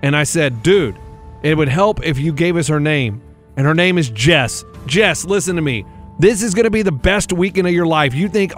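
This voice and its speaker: A man's voice: on the high side, lively intonation, normal speed, soft background music. A man co-hosting a podcast, chatting casually about sports and reading listener messages aloud. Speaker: podcast co-host.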